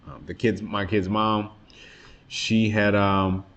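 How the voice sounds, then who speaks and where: Man, very low voice, earnest, reflective, personal testimony monologue. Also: little pitch movement, slow, a bit bright. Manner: earnest, reflective, emotional retelling. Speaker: father telling his story.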